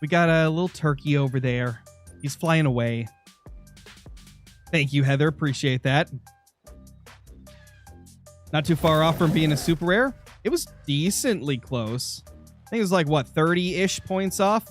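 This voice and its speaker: A man's voice: a little high, expressive, unhurried, long pauses, faint music behind. A young man streaming a hunting game, chatting casually and answering viewers while nursing a sore, dry throat. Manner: chatty, answering chat messages. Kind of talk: live gaming stream commentary.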